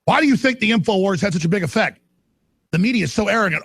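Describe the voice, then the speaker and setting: A male talk radio host delivering a fiery, ranting monologue that climbs into shouts. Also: sits high, animated, fast, breathy edge, dry recording.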